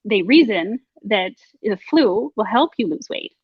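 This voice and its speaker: A woman's voice: medium pitch, expressive, unhurried, husky, dry recording. A woman in casual conversation as a podcast host, chatty and reflective, laughing often. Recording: dull lo-fi sound.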